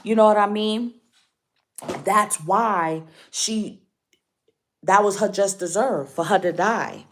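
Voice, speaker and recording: A woman's voice: fairly low pitch, noisy background. A woman giving a casual spiritual card reading to her viewers. She speaks emphatically, repeats her points and often asks if they follow her.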